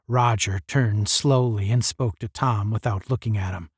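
A man narrating a science-fiction novel in a measured storytelling manner. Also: on the low side, husky, dry recording, clean studio sound. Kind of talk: audiobook narration.

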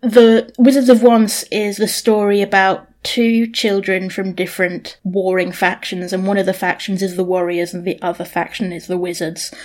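A woman's voice: mid-range voice, level tone, moderate pace, few pauses, a little mellow. A woman from Britain talks books on a podcast in a loose, easy way. She laughs often and fills her sentences with "like". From United Kingdom. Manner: chatty, laughs often, says "like" a lot. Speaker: podcast co-host. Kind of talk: casual chat.

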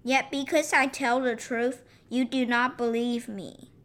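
A woman reading scripture aloud in a measured, even way. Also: a little high. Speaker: scripture reader.

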